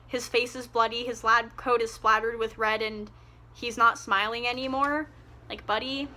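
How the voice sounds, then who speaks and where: A woman's voice: fairly high pitch, sharp tone, a little hiss or hum. A young woman giving a casual, ranting book review, exasperated and sarcastic, swearing freely.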